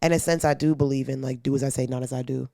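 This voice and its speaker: A young woman co-hosting a podcast in casual chat, blunt and animated, swearing freely and acting out quoted voices. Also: very deep voice, fast talker, creaky, no echo, studio quality. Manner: acts out quoted kids and parents in a raised voice. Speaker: podcast co-host.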